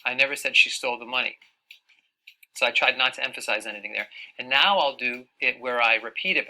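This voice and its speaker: Man video presenter, gravelly voice with a very bright edge, deliberate and demonstrative. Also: medium pitch, poor audio. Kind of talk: demonstrating emphasis.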